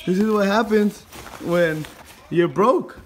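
A woman's voice: medium pitch, slow. A woman filming a prank on her son at home, teasing him and laughing through casual commentary into a handheld phone. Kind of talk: casual home vlog narration. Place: indoors at home.

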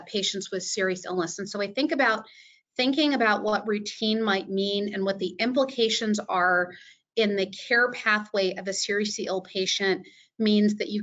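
A woman's voice: mid-range voice, bright, forceful tone. A woman speaking as a webinar panelist, thinking aloud with many fillers and restarts. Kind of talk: unscripted presentation. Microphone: video call.

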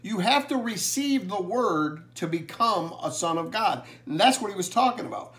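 A man preaching a family blessing sermon, earnestly reading scripture slowly and with emphasis. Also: high voice, sing-song, fairly bright tone.

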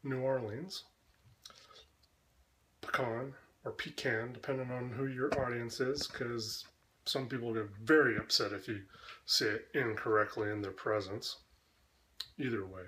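A Canadian man in a sasquatch persona, reading a word list and answering questions in a deadpan, smart-aleck way. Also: mid-range voice, moderate pace, a little hiss or hum. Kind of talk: casual accent-tag word list.

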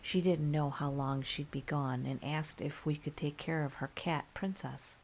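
Female storyteller with a low, gravelly voice, reading a scary story in a calm, soft-spoken ASMR style. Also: measured pace, a little hiss or hum.

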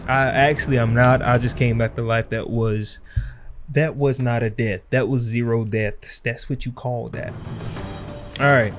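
With game music underneath, a young male host of a gaming channel narrates his let's play in slangy, trash-talking fashion while fighting through the game. His medium-pitched voice stays steady at a measured pace.

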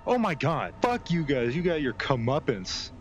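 A man's voice: on the high side, big pitch swings, normal speed, muffled recording, over music. A young man in casual gaming banter, panicking, screaming and trash-talking his teammates. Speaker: gaming video creator.

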